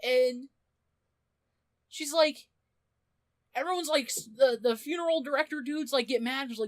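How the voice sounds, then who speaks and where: A woman's voice: sits high, moderate pace, long pauses, dry recording. A young woman co-hosting a podcast, retelling a story in casual chat and acting out the characters' lines. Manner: animated plot retelling, acting out quotes. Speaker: podcast co-host.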